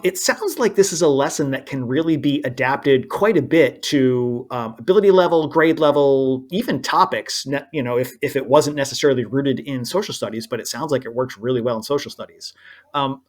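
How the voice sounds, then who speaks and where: A woman hosting a podcast interview with a strikingly deep, low voice. She affirms her guest warmly and moves the conversation along with follow-up questions. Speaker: podcast host.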